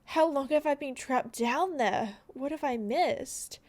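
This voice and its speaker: A kind, brave young heroine from a fantasy horse game, earnest and caring as she offers help, read aloud by a woman. Her voice is high and measured. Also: darkish tone. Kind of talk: reading game dialogue aloud.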